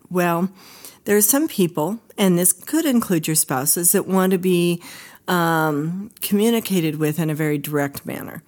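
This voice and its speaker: A woman's voice: on the low side, a little mellow. A woman who is a psychologist hosting an educational podcast, talking in a direct, conversational way. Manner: direct, conversational, acts out quoted voices. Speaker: psychologist host.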